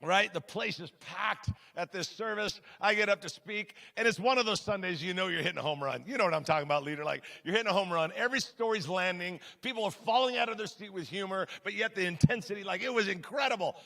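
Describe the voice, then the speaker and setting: Male pastor, gravelly and bright, chatty sermon delivery in a big reverberant hall. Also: sits high, fast talker, hardly any pauses. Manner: animated, conversational, asks the audience questions. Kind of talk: storytelling sermon. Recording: long church hall reverb.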